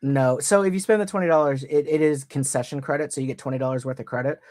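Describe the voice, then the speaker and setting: A man's voice: medium pitch, quick pace, a little mellow, no echo, clean studio sound. A man in a casual podcast chat, blunt and sarcastic and swearing freely.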